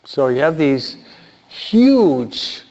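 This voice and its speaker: A man's voice: fairly high pitch, sing-song, very slow, creaky, warm tone. A man giving informal Bible teaching who asks his listeners rhetorical questions and repeats key points for emphasis. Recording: dull lo-fi recording.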